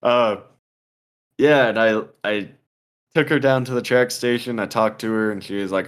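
A man's voice: lowish voice, steady tone, normal speed. A young man co-hosting a podcast, telling a story in casual, profane, rambling chat full of "like" and "dude". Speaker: podcast co-host.

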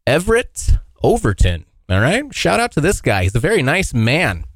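A man hosting a casual solo podcast, joking and swearing, now and then yelping into high silly voices. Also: moderate pace, no room sound, clean studio sound. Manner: animated, swearing, jokey, yelps into high voices. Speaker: podcast host. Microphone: hot close mic.

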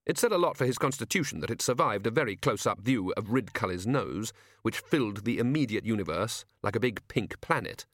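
A man narrating a comic fantasy audiobook in a lively, expressive reading. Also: on the low side, fairly quick, no room sound, studio quality. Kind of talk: scripted narration.

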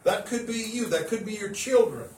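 A man's voice: high voice, normal speed, a little mellow. A man co-hosting a religious podcast, earnest and dramatic, firing off rhetorical questions. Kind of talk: casual religious podcast chat. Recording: roomy, distant mic, faint noise.

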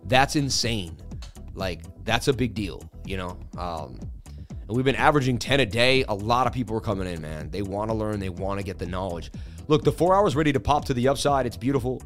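A man hosting a crypto market livestream, talking through charts in a casual, animated and confident way. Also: lowish voice, a little fast, soft background music.

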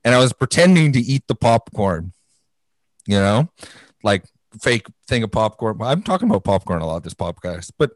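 A man in his late twenties chats on a podcast, telling stories against himself and laughing often. His voice sits a little low. It is recorded close and dry, with no room sound. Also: sing-song, normal speed, no room sound. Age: 20s. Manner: laughing, self-deprecating storyteller. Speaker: podcast co-host. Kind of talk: casual chat.

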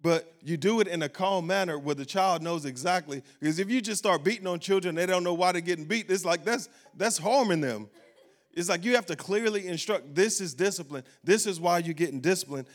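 A man's voice: high-pitched, a little fast. A man preaching a sermon, emphatic and repeating key phrases for weight. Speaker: pastor.

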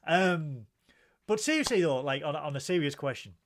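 A man co-hosting a show in casual chat, his voice a little higher than most men's. He talks in an animated, chatty way and reads viewer comments aloud as he goes. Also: normal speed. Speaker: co-host.

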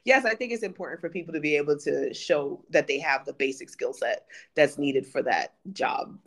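A woman, a project manager, talking as a podcast guest in animated casual chat. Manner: animated, conversational, quick pitch jumps.

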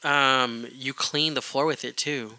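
A man's voice: medium pitch, steady tone, unhurried, bright, forceful tone, no echo. A young adult man co-hosting a podcast, explaining things in an earnest, rambling way. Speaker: podcast co-host. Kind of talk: casual podcast chat.

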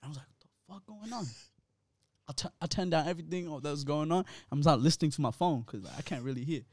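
A young man telling a story in casual podcast chat, animated and slang-heavy, often laughing. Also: fairly high pitch, rapid-fire.

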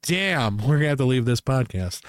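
A young man telling rambling, jokey stories on a casual podcast, laughing often and putting on loud silly voices. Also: medium pitch, sing-song, moderate pace. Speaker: podcast host. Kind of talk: casual podcast chat, storytelling.

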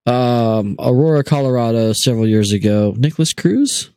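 A young man hosts a casual podcast, his pitch jumping around animatedly as he jokes and curses. The sound is close and dry, with no room around it. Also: lively intonation, normal speed, mellow, clean tone, no echo. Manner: profane, joking banter. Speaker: podcast host.

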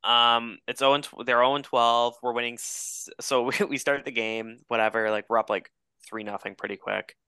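A young man co-hosting a podcast, telling an animated, profanity-laced story in casual chat. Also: medium pitch, moderate pace, clean tone, no echo, clean studio sound. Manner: animated storyteller, swears a lot. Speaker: podcast co-host.

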